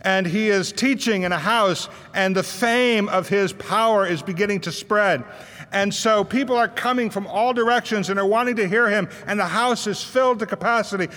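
High, bright-voiced preacher in an echoing hall. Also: male voice. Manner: storytelling, acts out the voices of people in the Bible story. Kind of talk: sermon.

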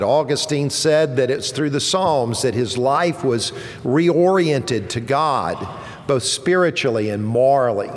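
A man's voice: mid-range voice, big-room sound. A man in his sixties preaching a sermon as pastor, emphatic, building toward exclamations and leading the congregation in call-and-response. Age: 60s.

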